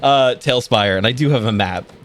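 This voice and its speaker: A man narrating as game master of a tabletop game, describing scenes in a relaxed way with frequent ums and uhs. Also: mid-range voice, fairly quick.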